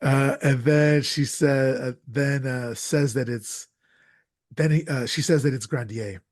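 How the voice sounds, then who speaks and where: A man's voice: medium pitch, steady tone, unhurried, no echo, studio quality. A man hosting a podcast, recapping a horror film's plot in a conversational, jokey way with stumbling restarts. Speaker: podcast host. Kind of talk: casual film recap.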